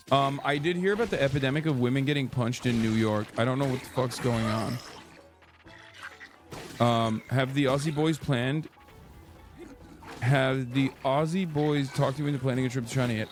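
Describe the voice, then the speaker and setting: A man streaming live, chatting casually and reacting to chat with lots of swearing. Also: mid-range voice. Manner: profane, chatty, reads chat aloud.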